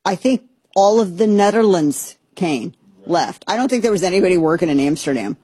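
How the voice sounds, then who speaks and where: A woman's voice: on the low side, animated, a little fast, mellow, husky, dry recording. A woman hosting a podcast, giving chatty, sarcastic, rambling commentary. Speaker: podcast host. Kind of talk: opinionated casual commentary.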